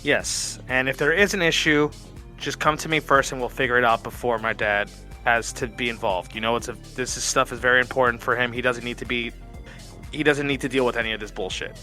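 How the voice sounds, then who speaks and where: A man's voice: medium pitch, fairly even intonation, brisk, sharp tone, soft background music. Rambling, reassuring man at a game table. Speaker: player. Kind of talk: casual in-character tabletop play.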